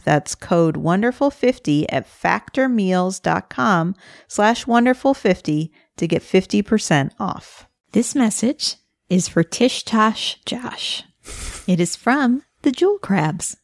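A woman's voice: mid-range voice, dry recording. Giggly casual woman, dry close sound. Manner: giggly, casual, filler-heavy. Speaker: podcast co-host. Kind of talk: casual chat.

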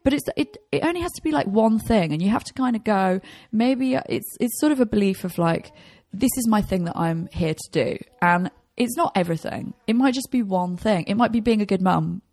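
A woman's voice: medium pitch, lively intonation, brisk, hardly any pauses, a little mellow, dry recording. A British woman chatting casually as a podcast guest, rambling and self-deprecating, with frequent laughs. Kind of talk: casual chat.

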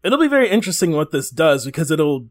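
A man co-hosts a podcast in loose, rambling chat, cursing freely and laughing along the way. His voice sits on the higher side for a man and swings widely in pitch. He talks in an easygoing, everyday manner. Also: sing-song, fast talker. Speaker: podcast co-host. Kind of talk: casual chat.

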